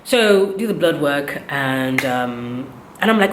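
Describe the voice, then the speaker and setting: A woman's voice: a bass voice, animated, moderate pace, reverberant, slight background noise. A woman, animatedly retelling a story in a casual vlog, with indignant quoted dialogue. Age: 30s. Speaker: vlogger.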